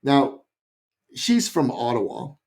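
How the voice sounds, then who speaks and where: Give me a Canadian man with an average-pitched voice, telling a story as a guest with lively, emphatic delivery. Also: takes it slowly. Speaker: podcast guest, business coach. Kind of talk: storytelling in an interview.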